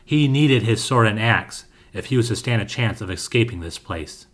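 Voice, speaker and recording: A man narrating a scripted fantasy story with a steady, dramatic reading. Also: lowish voice, normal speed.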